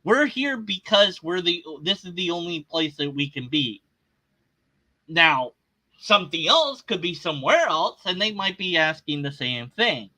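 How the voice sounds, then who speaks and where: Man for a reaction rant: high, piercing voice, sarcastic and riled up. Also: sing-song, unhurried, sharp tone, rough recording. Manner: agitated, sarcastic, rambling with restarts. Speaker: commentator reacting to a video. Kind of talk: casual rant.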